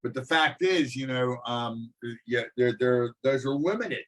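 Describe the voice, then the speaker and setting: A middle-aged man teaching a college class over a video call, talking in halting bursts with many fillers and restarts. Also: mid-range voice, rough recording. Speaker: college instructor. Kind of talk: online class lecture.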